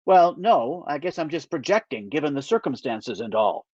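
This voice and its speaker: An eager, earnest man, a bit self-important and nervous, as an author reads him aloud from his novel. The voice is a touch high for a man. The recording is dull and dry. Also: animated, moderate pace, darkish tone, no room sound. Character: nervous eager young-ish man narrator.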